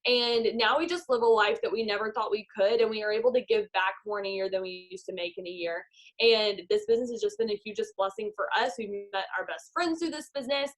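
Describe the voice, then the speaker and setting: With a mid-range voice, this fast-talking woman in her 20s leads a visualization during an upbeat motivational talk on a video call, where she appears as a network marketing leader.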